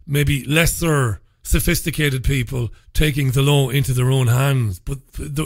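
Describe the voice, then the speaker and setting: A man's voice: medium pitch, no room sound. A man from England, hosting a talk radio show from a studio and speaking in an opinionated, conversational way. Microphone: studio microphone.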